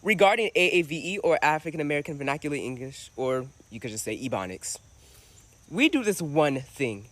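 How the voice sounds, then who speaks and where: A man's voice: fairly high pitch, big pitch swings, fairly quick, a bit bright. A man with a Southern US accent, curiously asking a casual question and acting out the pronunciations. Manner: chatty and curious, demonstrating sounds. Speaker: social media commenter.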